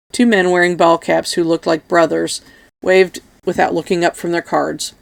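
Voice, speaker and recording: Low, gravelly woman reading an audiobook. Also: fairly even intonation, moderate pace. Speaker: audiobook reader. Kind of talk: audiobook narration.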